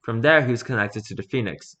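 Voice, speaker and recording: A man's voice: mid-range voice, fairly quick, sharp tone. A man reading his own fiction aloud in a casual way, with restarts and asides. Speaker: storyteller.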